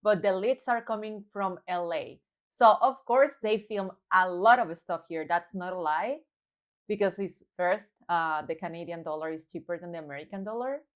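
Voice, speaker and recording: Mexican-accented woman, thirties, podcast co-host, low-ish voice, chatty and animated. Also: normal speed. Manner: chatty, laughing, animated storytelling. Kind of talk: casual chat.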